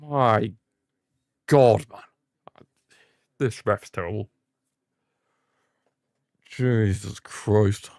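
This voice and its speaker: A young man hosting a live football watchalong, giving excitable fan commentary and ranting at the referee. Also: lowish voice, extremely slow, pauses often, no echo, clean studio sound. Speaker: watchalong host.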